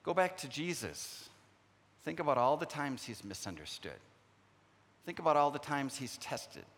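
A man's voice: fairly high pitch, expressive, fairly bright tone. Preaching man in a reverberant hall. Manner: storytelling, acts out remembered dialogue; earnest, frequent pauses and restarts. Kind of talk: sermon.

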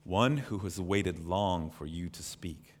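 A man voicing a great, deep-voiced lion who speaks gravely and gently. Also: slight background noise. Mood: solemn. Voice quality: deep and slow, solemn. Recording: long reverb in a large hall.

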